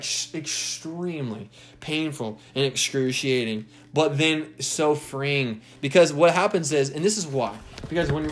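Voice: mid-range voice, darkish tone. A spiritual self-help speaker giving a casual motivational monologue, repeating phrases for emphasis and swearing freely.

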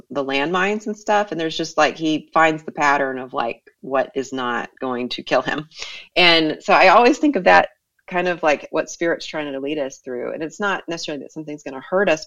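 A woman with a gravelly, creaky voice hosts a casual spiritual conversation. She muses aloud with many fillers and pauses, reflective and encouraging toward her guests. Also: low voice, fairly bright tone, lo-fi sound.

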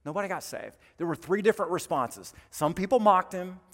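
A pastor preaching a sermon in an earnest, emphatic way, building up with repeated phrases. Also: male voice, high-pitched, lively intonation, a little fast. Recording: long reverb of a large hall.

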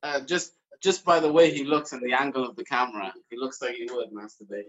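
A man's voice: mid-range voice, fairly even intonation, brisk, fairly bright tone, highs cut off. A man comedian on a video call, rambling and hesitant as he corrects himself mid-thought. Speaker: comedian panelist. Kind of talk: comedy panel show chat over video call.

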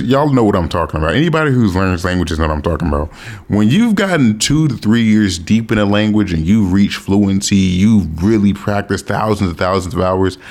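A man giving casual, profane advice to his viewers, animated and emphatic, often repeating himself. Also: on the low side. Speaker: language learning vlogger. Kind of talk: casual advice monologue to camera.

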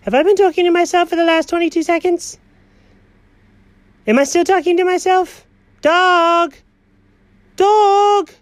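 A performer voicing an excitable, chatty male house cat who frets aloud and bursts into dramatic outcries, in a one-person comedic audio story. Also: very high-pitched, brisk, pauses often, dry recording, pitched above the performer's own voice. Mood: alarmed. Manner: talks to himself, frets, dramatic outbursts.

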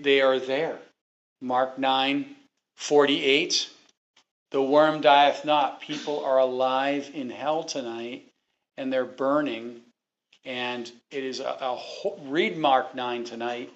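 A man's voice: mid-range voice, fairly bright tone. A man preaching a sermon to his congregation, emphatic and repeating his points, asking the people questions. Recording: dull lo-fi recording.

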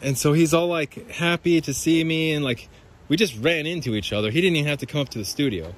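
A man's voice: a little high, quick pace. A man rambling and swearing through a podcast monologue as he walks outdoors by a creek. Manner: rambling, profane, talks to listeners as guys. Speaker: podcast host. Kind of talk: rambling walk-and-talk monologue.

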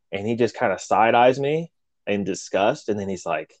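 A man telling loud, profane stories from his military years in a casual chat, laughing often. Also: fairly low pitch, brisk, no room sound.

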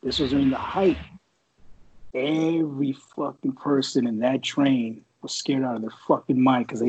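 The recording is muffled as a middle-aged former Marine reservist from the Bay Area tells a rambling war story, cursing freely and using many fillers in casual storytelling. His voice is medium-pitched, a little mellow, and slightly rough.

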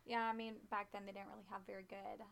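A woman co-hosting a podcast, chatting casually with giggly, self-deprecating reactions and quick asides. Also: medium pitch, little pitch movement, vocal fry, fairly bright tone. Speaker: podcast co-host. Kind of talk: casual chat.

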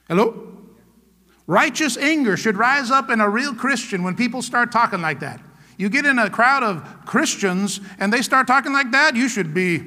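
A man's voice: high-pitched, sharp tone, long reverb tail. A man preaching a sermon as pastor, emphatic and fond of calling out "come on now" to his listeners.

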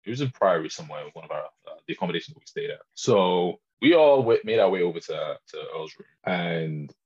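Brief: guy, twenties, husky low voice, swings all over when telling a story, dull lo-fi mic. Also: fairly quick. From northern England. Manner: animated storyteller, laughs often. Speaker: podcast co-host. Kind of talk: casual chat.

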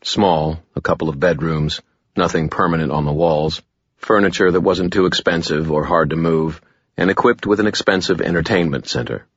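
A man narrating a first-person audiobook in a wry, deadpan way. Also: deep voice, moderate pace, breathy edge, dry recording, dull audio.

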